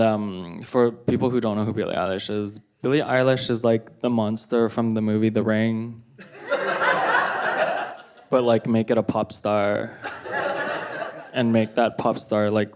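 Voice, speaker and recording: A male stand-up comedian with an offhand, rambling delivery, talking on stage between songs. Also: on the low side. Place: comedy stage with live audience. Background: guitar.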